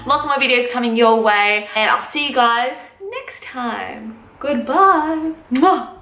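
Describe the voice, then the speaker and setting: A woman's voice: a little high, unhurried, sharp tone. A young woman vlogger telling a story in a chatty, casual way, full of fillers and laughing at herself. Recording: echoey room with faint music.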